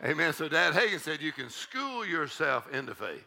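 A man preaching a charismatic sermon in a church, exuberant, shouting, whooping and leading the congregation in laughter. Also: fairly high pitch, sing-song, moderate pace, creaky. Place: church sanctuary.

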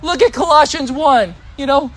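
A man's voice: very high-pitched, moderate pace, a bit bright. A male pastor preaching a sermon in a conversational way, often putting questions to the congregation.

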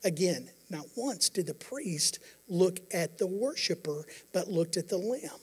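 A pastor preaching a sermon, earnest, moving between quiet passages and emphatic declarations. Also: male voice, high voice, animated, measured pace, breathy edge.

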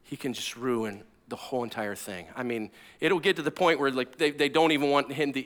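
A man, a pastor and former firefighter, preaching with personal stories in an energetic, conversational way that swings between loud bursts and hushed asides. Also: medium pitch, brisk.

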